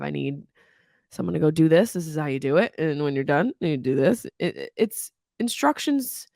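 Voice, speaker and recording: Low-voiced, profane woman podcast host. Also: no echo, clean studio sound. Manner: candid, profane, animated. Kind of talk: casual comedic podcast monologue. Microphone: studio microphone.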